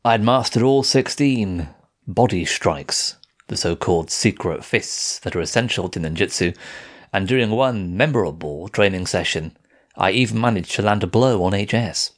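A man narrating a first-person audiobook in a measured, steady reading voice. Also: on the low side.

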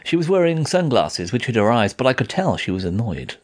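A man narrating a first-person audiobook in a measured, steady reading voice. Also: mid-range voice.

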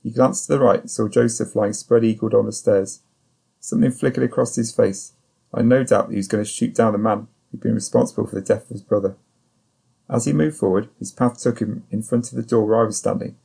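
Narrating a thriller in the first person, a man keeps his reading controlled and even, moving at a steady pace. His voice sounds low and gravelly, dark with a faint huskiness.

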